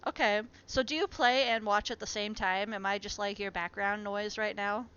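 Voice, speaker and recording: A woman's voice: medium pitch, fairly even intonation, moderate pace, fairly bright tone, smooth. A woman chatting casually on a live stream, talking to her plants and to her viewers at home. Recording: muffled lo-fi stream audio with faint noise.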